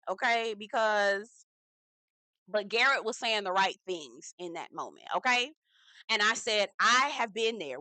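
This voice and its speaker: A woman hosting a casual reality TV recap, talking in a sassy, profane, animated way and acting out the quotes herself. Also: mid-range voice, dry recording, poor audio.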